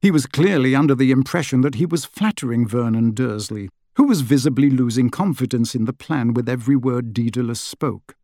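A man narrating an audiobook in an expressive storytelling manner. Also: medium pitch, fairly quick, hardly any pauses, dry recording, studio quality. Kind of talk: scripted narration.

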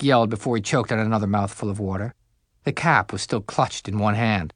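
A man narrating a fantasy story aloud, expressive and pitching up for the characters' dialogue. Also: fairly quick, no echo, clean studio sound. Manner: expressive, rising higher for the hero's dialogue. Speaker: audiobook narrator. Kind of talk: scripted narration.

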